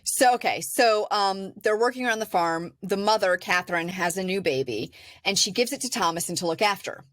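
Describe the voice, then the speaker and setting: A woman co-hosting a podcast talks through a movie's plot in a loose, chatty way, sprinkling in fillers as she goes. Her voice sits at a middle pitch. The sound is close and dry, with no room around it. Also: lively intonation, fairly quick, a bit bright, no room sound. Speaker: podcast co-host. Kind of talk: casual movie discussion.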